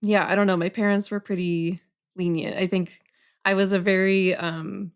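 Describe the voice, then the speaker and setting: A young woman with a fairly low voice chats casually as a podcast guest. She talks in a relaxed way and fills her sentences with "um" and "like". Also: moderate pace, clean tone. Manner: relaxed, many fillers like "um" and "like". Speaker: guest horror journalist.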